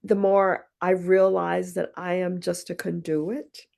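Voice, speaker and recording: Flat and slow, her low, creaky voice carries a darkish tone. As a guest on a podcast, the poet and retreat founder thoughtfully shares personal stories, acting out the dialogue she quotes.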